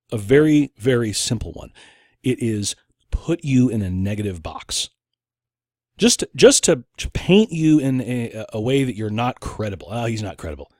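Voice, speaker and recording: Lively, expressive male podcast host. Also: mid-range voice, dry recording, clean studio sound. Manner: animated, with frequent restarts and acted-out quotes. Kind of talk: casual opinion podcast monologue.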